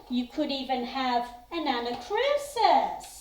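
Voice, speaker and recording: Music teacher lady, high voice, takes it slow, echoey room. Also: a little mellow, slight background noise. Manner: patient, step-by-step instruction. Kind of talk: classroom lesson to students.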